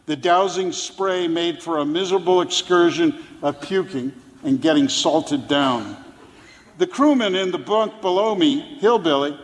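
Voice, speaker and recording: A man reading his own prose story aloud on stage as a fisher poet, telling it in a dry manner with brief chuckles. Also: high-pitched. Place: theater stage. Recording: live theater with long reverb.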